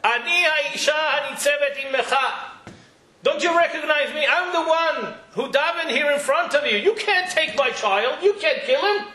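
A man's voice: lively intonation, normal speed, echoey room, full character voice. A man voicing a desperate mother who pleads for her son in a retold story. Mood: pleading. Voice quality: high, urgent, shouting at times.

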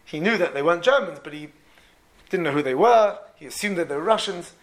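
A man preaching, retelling a true story and acting out its people with lively, repeating speech. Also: on the high side, a little fast. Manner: animated, repeats words, voices the people in the story. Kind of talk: storytelling sermon.

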